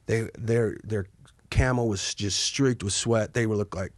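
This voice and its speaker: A man telling war stories as a podcast guest, acting out quotes with sudden yelps and hushed asides. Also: on the low side, fairly even intonation, a little slow, no room sound. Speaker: podcast guest, Army helicopter pilot. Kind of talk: casual storytelling.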